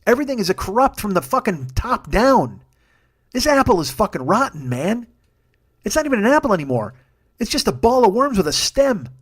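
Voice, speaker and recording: Profane ranting man, slightly high voice. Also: very animated, husky. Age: 40s. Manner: fast, rambling plugs with fillers. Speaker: podcast host. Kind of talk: solo comedy podcast rant.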